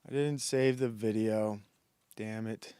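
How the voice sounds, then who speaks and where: A man's voice: fairly low pitch, steady tone, slow pace, warm tone, clean tone, dry recording. A man hosting a stream, delivering a rambling, mocking comedic monologue as he reacts to videos and laughs at his own jokes. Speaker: streamer host.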